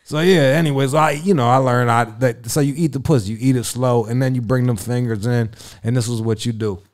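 A man's voice: medium pitch, fairly even intonation, fairly quick. A man who works as a radio personality, telling crude stories as a guest in a profane, rambling, swaggering way. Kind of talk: crude casual storytelling.

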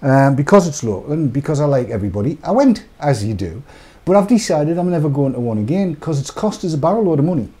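Chatty man, mellow. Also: a little high, big pitch swings, quick pace, breathy edge. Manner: chatty, joking, rambling off the cuff. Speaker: host of a live vaping product show. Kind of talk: casual live-stream chat.

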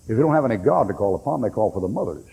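An older preacher delivering a sermon in a church hall, his voice dark and a little husky. He tells folksy stories and now and then breaks into loud, pressing bursts, with a long reverb trailing each phrase. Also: on the low side, animated, very fast.

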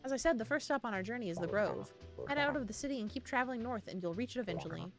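A woman's voice: on the high side, lively intonation, rapid-fire, music in the background. A woman voicing an old male crab museum curator with formal, old-fashioned phrasing. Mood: genteel.

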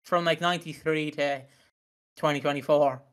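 A man co-hosting a podcast, joking and swearing in casual chat while recapping a soap, quick to laugh. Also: on the high side, fairly even intonation, a bit bright, clear, resonant tone. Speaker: podcast co-host.

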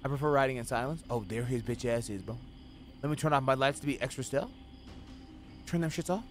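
A young man streaming a video game, giving profane running commentary that swings between low muttering and sudden yelling. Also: brisk, slight background noise. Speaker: gaming streamer. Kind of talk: live gameplay commentary.

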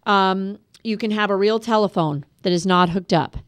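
Smooth-voiced woman teaching parents. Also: mid-range voice, normal speed, no echo. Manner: calm, practical, advising parents directly. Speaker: parenting class instructor. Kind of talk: instructional webcast talk.

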